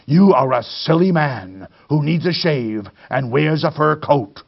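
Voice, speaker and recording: Man doing a furious boss, slow, emphatic, gravelly. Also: on the high side, expressive, dull audio, full character voice. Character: furious finger-pointing vice president, man.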